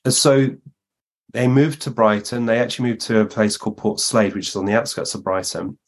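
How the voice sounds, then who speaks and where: Man guest on a talk show, lowish voice, tells stories and voices the people in them. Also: fairly even intonation, normal speed. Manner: narrates at length, acting out the speakers he quotes. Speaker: guest medium. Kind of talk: storytelling anecdotes in conversation.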